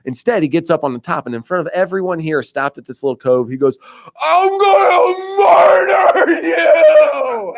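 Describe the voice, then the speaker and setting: A man's voice: on the high side, fast, few pauses. A man with an Indiana accent telling a long story on a radio show, acting out other people's lines and laughing often. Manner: animated storyteller, acts out voices, laughs often. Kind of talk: casual storytelling chat.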